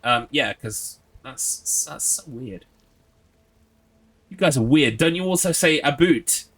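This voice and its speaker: Male streamer, chatty and sarcastic, sweary, bright tone. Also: medium pitch, lively intonation, takes it slowly, slightly rough. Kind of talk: casual gameplay commentary.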